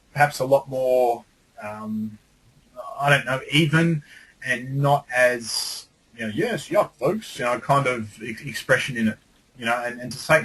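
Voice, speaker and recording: Man, webinar host, husky voice, animated casual talk, computer mic. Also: mid-range voice, low-quality recording. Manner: animated, breaks into lively demo readings.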